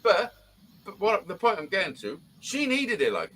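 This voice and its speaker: A man's voice: high voice, wildly swooping pitch, moderate pace, sharp tone, a little hiss or hum, poor audio. A middle-aged man, telling a rambling story in casual chat and swearing constantly.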